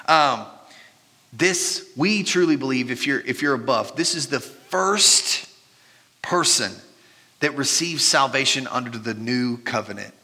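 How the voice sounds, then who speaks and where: A man's voice: medium pitch, pushed and bright, in a large hall. A man preaching a sermon as a pastor, earnest and conversational, with self-deprecating asides.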